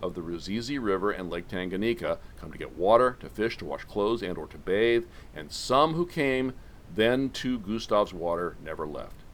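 A man's voice: sits low, animated, normal speed, fairly bright tone. A man hosting a podcast, telling a story as a comic monologue full of wry, sardonic asides. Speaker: podcast host.

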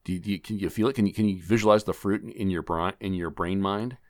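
A man hosting a comedic gaming podcast, joking theatrically and swinging between loud declarations and quiet asides. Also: low voice, fairly even intonation, fast. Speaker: podcast host.

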